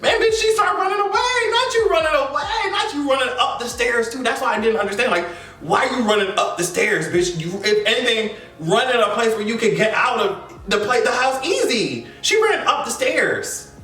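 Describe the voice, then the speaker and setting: A man with a high, bright voice recaps a show in a lively, expressive way, full of slang and cursing. He sounds somewhat distant from the mic in an echoey room. Faint music plays behind him. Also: normal speed. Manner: animated, expressive, heavy slang and profanity. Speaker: recap vlogger. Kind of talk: casual reaction recap.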